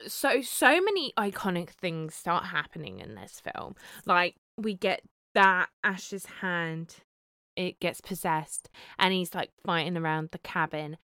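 Woman, podcast co-host, casual animated chat, bright tone, dry sound. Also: lowish voice, takes it slowly, clean tone, no room sound. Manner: animated, laughing, swears freely.

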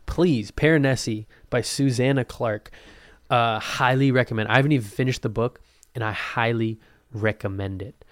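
A young man chatting casually to his viewers, loose and profane, joking around and slipping into quick put-on voices. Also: medium pitch, no echo, studio quality. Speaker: vlogger. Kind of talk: casual chat to camera.

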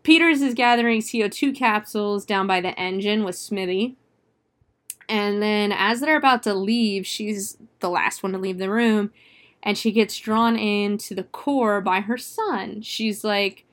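A woman's voice: mid-range voice, measured pace, fairly bright tone. A woman casually retelling a movie plot in a chatty, profane way, full of fillers and laughs. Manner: laughs often while retelling. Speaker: film reviewer.

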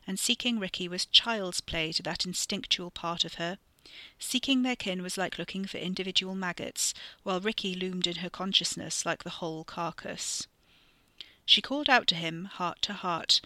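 A podcast storyteller reading a horror story in a steady, measured way, sometimes dropping into a whisper. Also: mid-range voice, no echo. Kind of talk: scripted narration of a horror story.

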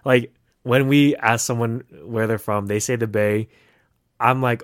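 A young man from the San Francisco Bay Area co-hosting a podcast, chatting casually and telling animated stories with lots of "like.". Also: mid-range voice, a little slow, smooth, no room sound, studio quality. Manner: animated storyteller, heavy use of "like". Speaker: podcast co-host. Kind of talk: casual chat.

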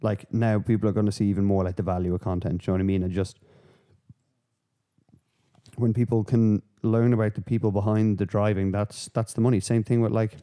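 A man hosting a podcast, rambling through casual, sweary, animated rants. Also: lowish voice, a little fast, smooth. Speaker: podcast host. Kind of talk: casual chat.

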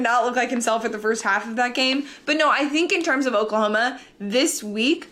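A young woman co-hosting a casual sports podcast, talking chattily with quick asides and easy laughs. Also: on the high side, a bit bright. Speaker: podcast co-host.

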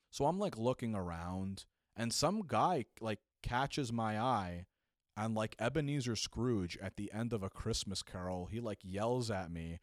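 Young male storyteller, casual and animated, acts out voices, dead-dry recording. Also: on the low side, normal speed, no echo. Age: young adult. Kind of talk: comedic storytelling.

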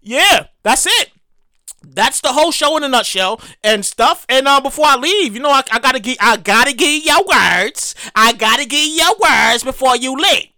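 Lady podcast host going off on a rant, high bright voice, cussing, repeating stuff for laughs. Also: normal speed, no echo. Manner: animated, profane, repeats phrases for comic effect. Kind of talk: solo comedic podcast rant.

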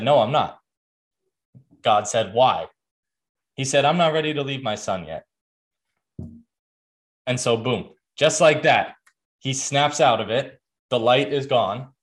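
Casual young man telling a story. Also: mid-range voice. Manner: casual, earnest, full of fillers and restarts. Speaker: podcast host. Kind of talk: storytelling podcast chat.

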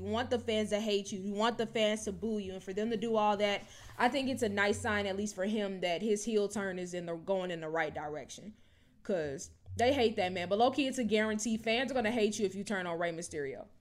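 A woman co-hosting a podcast, chatting casually and animatedly about wrestling, with lots of "like" and "low-key". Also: fairly quick. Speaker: podcast co-host.

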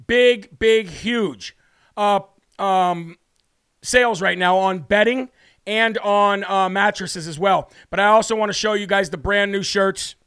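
A brash male talk show host with a high, smooth, clear voice. He mocks and laughs his way through the segment and talks straight to his audience. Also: a bit bright. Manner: brash, laughs often, mocking. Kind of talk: brash casual commentary.

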